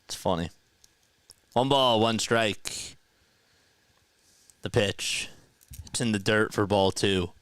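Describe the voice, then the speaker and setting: A young man calls a baseball game live for viewers, easygoing and chatty, laughing between pitches. His voice is a little low and very clear, with an unhurried, slow delivery. He is recorded close to the mic in a dry, dead room. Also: fairly bright tone, dry recording. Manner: casual, laughs often, chats with viewers. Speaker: play-by-play streamer. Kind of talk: live baseball commentary and chat.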